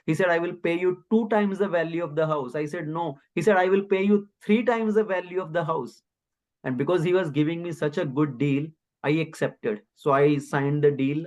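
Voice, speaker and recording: A man playing a calm eldest son. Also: on the high side, voice pushed up, close to an everyday voice. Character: calm eldest son reassuring his father.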